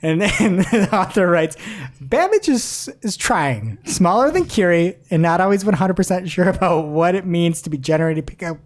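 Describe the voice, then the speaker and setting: A woman hosting a casual news podcast, her voice sitting on the lower side. Her pitch swings widely as she chats, and she often breaks into laughter while reading quotes aloud. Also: expressive, normal speed, a little mellow. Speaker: podcast co-host.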